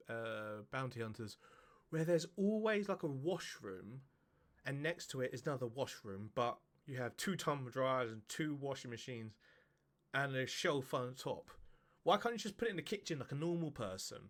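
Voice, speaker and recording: A man's voice: medium pitch, fairly bright tone. A man doing casual reaction commentary, swearing, laughing and putting on silly voices. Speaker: reaction video host.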